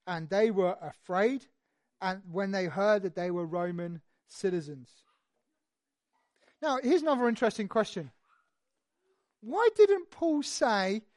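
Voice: mid-range voice, no echo. Conversational preacher in a dry room. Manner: conversational, rhetorical questions, animated storytelling. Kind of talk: expository sermon.

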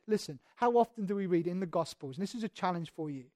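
Preaching in a high-pitched, animated voice, a man alternates between quiet reflective stretches and loud, emphatic ones. He reads from scripture and slows over key words, captured in a dry recording.

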